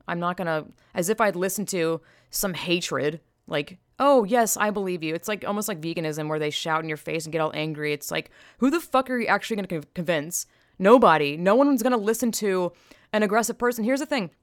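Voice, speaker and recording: A woman's voice: lowish voice, lively intonation, fairly quick, no echo, studio quality. A woman giving a casual opinion monologue, blunt and profane, emphatic, with frequent sighs. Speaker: vlogger.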